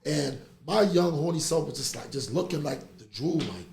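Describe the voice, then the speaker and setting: A middle-aged man, hosting a podcast in casual chat and telling stories with animated energy. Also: on the high side, moderate pace, gravelly. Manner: animated storytelling, laughs through stories. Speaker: podcast host. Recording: echoey room with faint noise.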